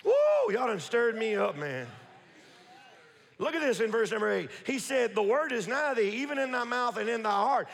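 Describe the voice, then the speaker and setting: A man preaching a sermon as pastor, building to shouts and repeating phrases, recorded in an echoey church hall. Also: extremely high pitch, big pitch swings, normal speed, vocal fry. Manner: preaching with rising shouts and repetition. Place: church sanctuary. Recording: echoey hall with long reverb.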